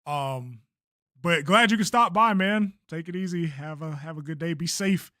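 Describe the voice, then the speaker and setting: A man's voice: on the high side, normal speed, pushed and bright, no room sound, clean studio sound. A young man chatting casually on a livestream about his own video, laid-back and swearing freely. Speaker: streamer and creator.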